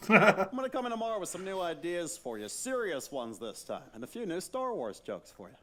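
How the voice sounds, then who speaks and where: An actor playing a goofy, immature Darth Vader who is an over-eager joker, in a comic stage musical. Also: male voice, high-pitched, very animated, moderate pace, fairly bright tone. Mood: sheepish. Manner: jokey, over-eager, chummy.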